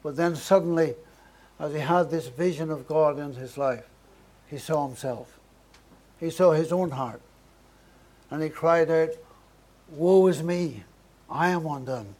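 A man's voice: a little high, measured pace, long pauses, darkish tone. A man preaching a sermon, earnest, building emphasis through short repeated phrases.

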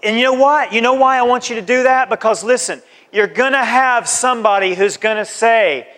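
Preaching with repetitive exhortations, a pastor urges his listeners on and acts out everyday conversations. His very high, fairly bright voice moves at a moderate pace with hardly any pauses, under long hall reverb.

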